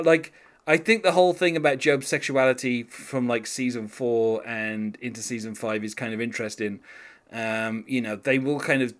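Man, casual podcast chat, rambling, frequent ums and restarts, laughs as he talks, mid pitch. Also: a bit bright. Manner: rambling, many fillers and restarts; laughs while talking. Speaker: podcast co-host.

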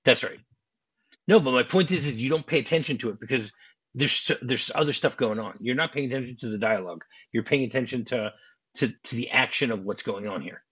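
A man's voice: mid-range voice, a little fast, a bit bright, husky. A man guest on a podcast, casually recapping a film scene in detail with lots of "you know". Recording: dull lo-fi podcast audio.

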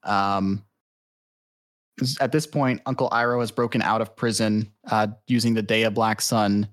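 A man's voice: lowish voice, fairly even intonation, normal speed. Man rambling through a casual chat. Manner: rambling retelling with many fillers and profanity. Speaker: podcaster.

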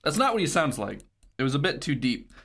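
A man's voice: mid-range voice, very animated, brisk, creaky, a bit bright. A man co-hosting a podcast in a casual chat, jokey, laughing often and swearing casually. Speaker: podcast co-host. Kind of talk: casual chat recapping a video game.

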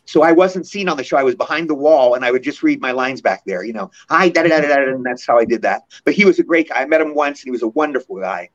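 A man in his sixties, a guest actor in a casual interview, telling animated stories and acting out the people he quotes. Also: medium pitch, fast talker, hardly any pauses. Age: 60s. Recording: muffled lo-fi audio.

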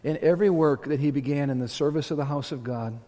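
A man preaching a sermon as pastor, impassioned and rising to loud exhortation. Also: fairly high pitch, fast talker. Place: church sanctuary. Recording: long hall reverb.

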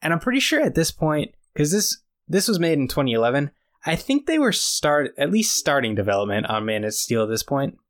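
A man's voice: on the high side, very animated, fairly quick. A man co-hosting a podcast, retelling a story in casual chat with lots of fillers and quoted lines. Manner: retells scenes with quoted dialogue, many fillers. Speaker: podcast co-host.

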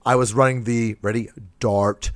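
A man co-hosting a podcast, ranting loudly in a joking way during casual chat. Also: medium pitch, moderate pace. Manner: loud and animated, jokey rants. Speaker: podcast co-host.

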